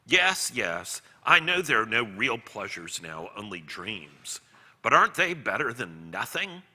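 A man's voice: lowish voice, sing-song, measured pace, pushed and bright, breathy edge, big-room sound, exaggerated voice. A man voicing a sly, pleading male lizard demon that coaxes and slips into whispers. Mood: wheedling. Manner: coaxing, slipping into whispers.

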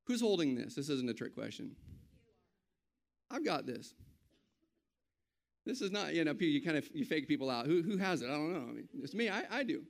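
Male pastor with a high voice; conversational sermon that swells into bold declarations. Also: big pitch swings, normal speed, gravelly, long pauses.

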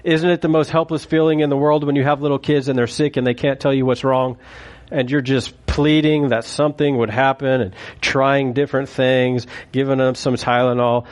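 A man's voice: mid-range voice, level tone, normal speed. A man preaching a sermon in a conversational, joking way, acting out quotes as he goes. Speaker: pastor.

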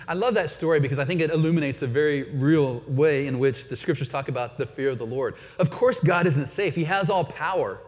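A man's voice: a little high, a little fast, hardly any pauses, a little mellow. A man preaching a sermon in a conversational way, often asking his listeners questions. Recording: dull sound with long hall reverb.

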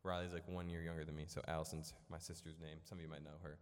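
A young man from Illinois delivers a sermon through a personal story, with a low-pitched voice. He talks casually, with plenty of fillers and self-deprecating humor. The sound rings out with the long reverb of a church hall. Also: little pitch movement, fast, clear, resonant tone. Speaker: preacher.

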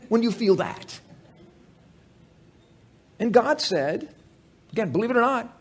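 A man with a high, husky voice preaches a conversational sermon, his pitch leaping around animatedly. He restarts sentences often and throws in humorous asides to the gathering. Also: sing-song, takes it slowly, long pauses. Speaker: pastor.

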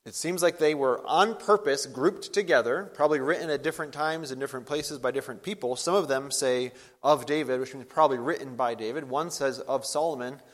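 A man preaching a sermon as a pastor. He talks earnestly, gets louder and higher for emphasis, and slows down when he reads scripture. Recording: long hall reverb.

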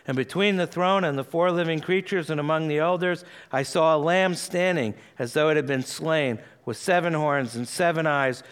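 A man's voice: fairly high pitch, clean tone. A man preaching an expository sermon, explaining the passage and reading scripture aloud with earnest emphasis.

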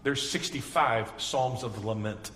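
A man's voice: mid-range voice, unhurried, a bit bright, slight background noise. A man preaching a sermon as pastor, conversational and earnest, building to emphatic passion. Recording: echoey hall reverb.

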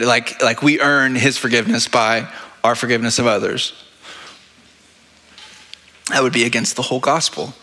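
A man's voice: mid-range voice, bright, forceful tone. A man preaching a sermon as pastor, earnest, asking his listeners rhetorical questions and answering them himself.

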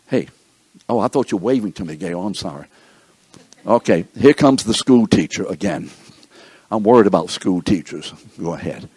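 A man's voice: deep voice, dark tone, breathy edge, dry recording. A man teaching a Bible study class, thinking aloud and often checking that the class is following. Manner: thinks aloud, with restarts and asides.

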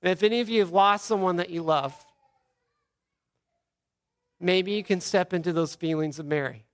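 A man in his thirties with a notably high-pitched voice delivers a pastor's Easter sermon. He tells the story earnestly, slowing down to speak quoted words softly.

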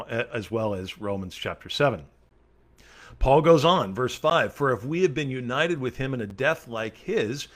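A male pastor leading a Bible study, reading scripture aloud and then explaining it earnestly and emphatically, with casual fillers along the way. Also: medium pitch.

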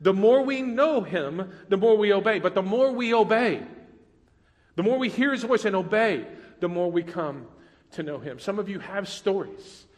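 A man preaching a sermon as pastor, animated, swinging between loud, dramatic acted prayers and quiet, intimate asides. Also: sits high, moderate pace, big-room sound.

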